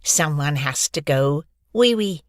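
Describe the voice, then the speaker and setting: A woman's voice: sits low, lively intonation, no echo, clean studio sound. A woman doing a sneering schoolboy bully. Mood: taunting. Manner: slow, drawn-out taunting.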